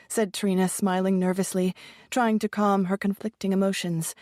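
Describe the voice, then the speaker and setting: Woman narrating an audiobook, steady, mid voice, dry close mic. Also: mid-range voice, moderate pace, no echo. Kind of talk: scripted narration.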